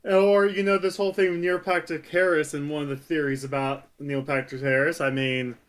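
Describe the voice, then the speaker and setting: A man co-hosting a podcast in casual chat, excitable, tripping over his words and laughing often. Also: on the high side, fairly quick. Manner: excitable, stumbling restarts and laughs. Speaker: podcast co-host.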